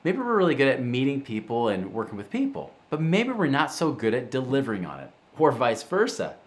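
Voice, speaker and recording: In a mid-range voice and at a slightly fast clip, a middle-aged man speaks casually to camera as host of a finance show. His storytelling is lively, and he voices the people he quotes.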